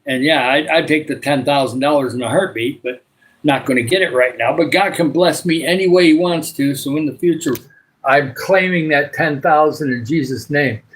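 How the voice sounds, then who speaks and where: Older Michigan man, livestream host, meandering casual chat, filler-heavy, voice sits a bit high. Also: normal speed, low-quality recording. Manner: rambling, many filler uhs. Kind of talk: casual live chat with viewers.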